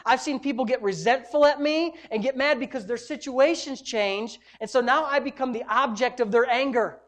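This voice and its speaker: A woman's voice: sits high, normal speed. A woman pastor delivering a sermon, preaching emphatically and throwing rhetorical questions at the congregation.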